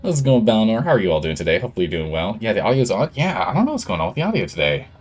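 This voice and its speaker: Racing along and very animated, this man's fairly low voice carries over faint background music. He's live-streaming a game, chatting casually with viewers and distracted as he tweaks the gain on his studio mic.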